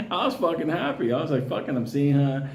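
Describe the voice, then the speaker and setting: A man's voice: on the high side, very animated, fast, darkish tone, roomy sound. A Puerto Rican man telling a long personal story in a casual, profane way, often laughing.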